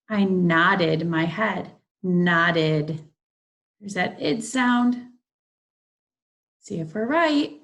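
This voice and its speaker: Slow lady teacher, kinda low voice, reads each word twice. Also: gravelly. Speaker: reading teacher. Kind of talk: phonics lesson, reading words aloud.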